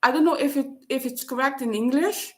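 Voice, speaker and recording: A woman with a slightly high voice speaks haltingly, often restarting as she searches for words. She is a vlogger whose first language is Dutch, giving a personal, reflective monologue.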